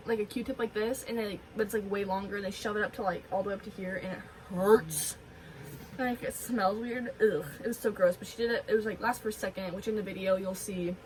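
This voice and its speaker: A woman's voice: mid-range voice, far from the mic, slight background noise, rough recording. A young woman in her teens chatting casually in a vlog, rambling with lots of fillers and giggly asides. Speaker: vlogger.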